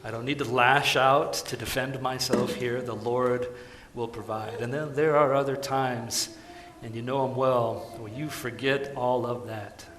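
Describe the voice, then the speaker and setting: A man preaching a sermon, moving between soft, pleading tenderness and loud, urgent calls. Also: mid-range voice, fairly even intonation, a little slow, reverberant. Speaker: pastor.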